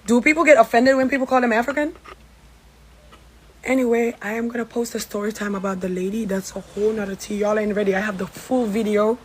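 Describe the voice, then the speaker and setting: A woman from Gambia telling a casual story time to her followers, animated and sassy, with some swearing. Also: a little high, fast talker, a little hiss or hum, rough recording. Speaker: social media storyteller.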